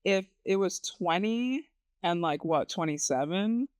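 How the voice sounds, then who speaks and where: A man's voice: sits high, expressive, unhurried, no echo, clean studio sound. A man co-hosting a casual podcast chat, telling personal stories in a candid way with frequent fillers. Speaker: podcast co-host.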